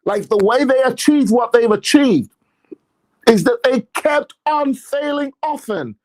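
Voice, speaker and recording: Speaking at a measured pace in a very high voice, this male church leader and apostle preaches with energy on faith and money. He peppers the motivational talk with sarcastic remarks.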